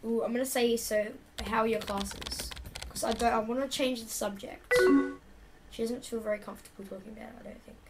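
Chatty young woman with vocal fry. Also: on the high side, steady tone, a little fast, noisy background. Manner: reads typed chat lines aloud, chatty asides. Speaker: YouTuber playing a chat game. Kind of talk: casual reading and reacting. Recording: loud background music.

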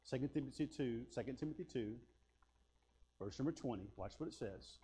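A man preaching a sermon, telling folksy personal stories and swinging between loud bursts and hushed asides. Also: mid-range voice, fairly quick, slight background noise. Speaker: pastor.

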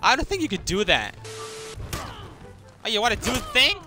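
Young male gaming commentator, high lively voice, excitable trash talk over game music. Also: normal speed. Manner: excitable, trash-talking, swears a lot. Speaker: gaming YouTuber. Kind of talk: casual gameplay commentary.

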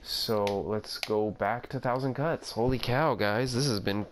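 Young man, casual gameplay commentary, unhurried, rambling, faint background hum. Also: medium pitch. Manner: rambling, self-talking, easily amazed. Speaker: gaming video creator.

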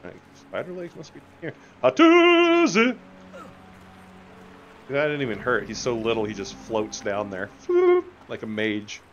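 A man's voice: fairly low pitch, a little fast, hardly any pauses, a bit bright, dull audio, a little hiss or hum. A young adult man streaming a game live, rambling and joking with his chat as he plays. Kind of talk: casual live-stream gameplay commentary.

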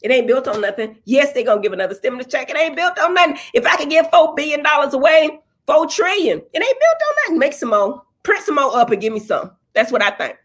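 A middle-aged woman chatting casually with her viewers, blunt, rambling and quick to swear. Her voice sits high and sounds breathy and husky. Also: lively intonation. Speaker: dentist and reality TV personality. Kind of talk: casual opinionated livestream chat.

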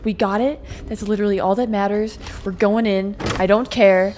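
A woman streamer excitably talking to herself while playing a game, swearing and reacting loudly. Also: mid-range voice, normal speed, a little hiss or hum. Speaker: gameplay streamer. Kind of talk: let's play commentary.

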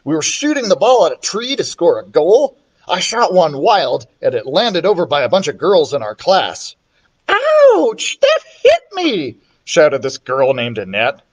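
A man reading a children's chapter book aloud, expressive and playful, switching voices for the characters. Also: normal speed. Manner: expressive, voices the characters with big pitch swings. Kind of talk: storybook read-aloud.

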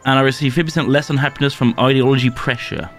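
A man's voice: mid-range voice, steady tone, rapid-fire, faint music behind. A man in a casual gaming chat with friends, playful and giggly, rattling off lists with delight.

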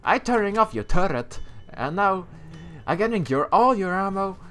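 A man doing let's play commentary on a shooter game, excitable and joking, yelling at enemies. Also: high-pitched, moderate pace. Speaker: gaming YouTuber.

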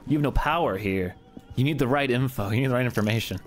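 A man's voice: mid-range voice, fast talker, faint music behind. A young man streaming a game with friends over voice chat, joking around and humming tunes in a playful way. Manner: playful, jokey, hums and sings along. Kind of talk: casual gaming chat with friends.

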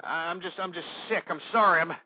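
High-pitched angry ranting man, lo-fi. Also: brisk, breathy edge, no echo. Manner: angry ranting, shouting insults. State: out of breath, sweating. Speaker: radio talk show host. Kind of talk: ranting political commentary.

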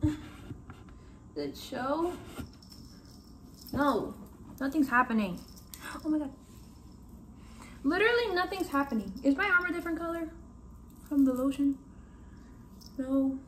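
A woman's voice: sits high, animated, measured pace, pauses often, slight background noise. A woman vlogging casually at home, talking to her viewers in a frank, exclamatory, chatty way. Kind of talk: casual vlog talking to camera.

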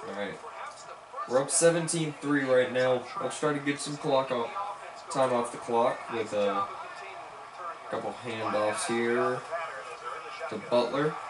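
Man, mid pitch, live gameplay commentary, excitable, cheers and scolds players, roomy echo. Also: takes it slowly, long pauses, crowd noise. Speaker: gamer playing a football video game. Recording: echoey room with background noise.

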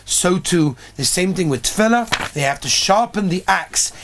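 Earnest high-voiced male rabbi. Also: lively intonation, moderate pace, background noise. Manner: earnest storytelling, builds emphasis. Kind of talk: sermon on prayer.

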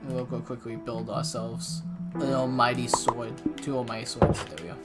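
A woman hosting a gaming channel, giving let's-play commentary as she talks to herself and yells at the game. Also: a bass voice, flat delivery, normal speed. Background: game music.

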